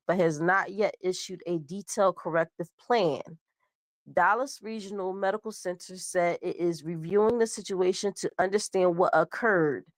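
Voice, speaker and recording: A woman's voice: mid-range voice, dry recording. A young woman host with a cold, stuffed up, casually reading out a news story and stumbling over words. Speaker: show host.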